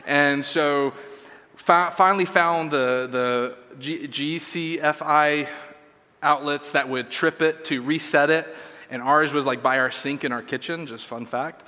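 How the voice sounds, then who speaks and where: A man tells a sermon story in a loose, self-deprecating way, stumbling through fillers. His voice is bright and forward. It rings with the long reverb of a church hall. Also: on the high side, steady tone, a little slow.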